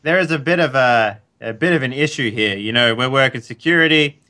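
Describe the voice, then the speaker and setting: Gruff bright-voiced man playing a guard. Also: medium pitch, a little fast. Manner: gruff and blunt. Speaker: player. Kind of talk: in-character tabletop role-play.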